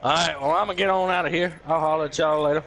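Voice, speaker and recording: A man's voice: a little high, rapid-fire. A young man telling a profane, laughing story to friends in a casual chat. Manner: profane, laughing, animated retelling with quoted voices.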